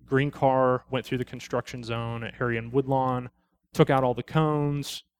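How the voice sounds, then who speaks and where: A man's voice: mid-range voice, level tone, normal speed. A middle-aged man, a police officer, telling a personal testimony at a church study in a plain conversational way, quoting people he met and closing with blunt preachy points. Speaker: lay speaker at a church study.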